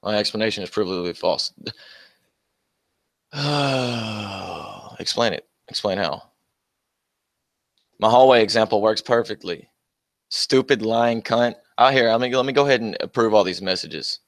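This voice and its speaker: A young man with a low voice talks into a close, dry mic on his own livestream. He answers chat comments with combative, profane mockery and laughs frequently. The delivery is loose and casual, jabbing at viewers. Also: a little slow, pauses often, no echo. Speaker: livestream host.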